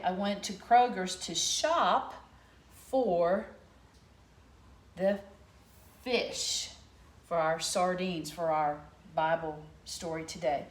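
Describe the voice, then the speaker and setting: A middle-aged woman with a fairly low voice teaches young children phonics from a room at home, speaking into her laptop camera. She sounds out letters slowly and clearly, and the room gives off some reverb.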